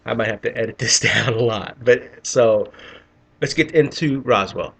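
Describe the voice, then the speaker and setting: A man's voice: mid-range voice, normal speed, gravelly, a bit bright. A middle-aged man telling a rambling, profane story in a casual vlog, often restarting his sentences. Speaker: vlogger.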